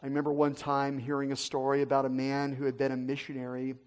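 A man preaching a sermon as an animated storyteller, swinging between loud and hushed. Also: mid-range voice, fast talker.

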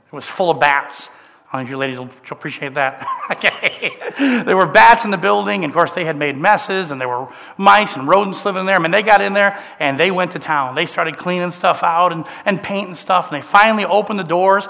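A middle-aged man, preaching a sermon through a conversational personal story that swings from soft and emotional to emphatic. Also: sits high, fairly quick, gravelly. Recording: long hall reverb.

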